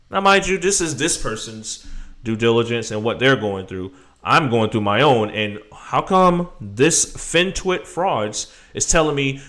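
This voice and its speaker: Man, live-stream host, casual rambling commentary, very lively pitch, bright tone. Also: a little slow. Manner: rambling and animated, talking to viewers.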